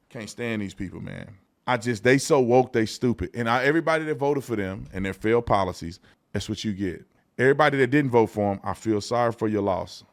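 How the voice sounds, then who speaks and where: A man's voice: fairly high pitch, fairly bright tone. A man giving a combative, scornful political rant as a commentator, talking straight to his viewers. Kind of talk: ranting commentary.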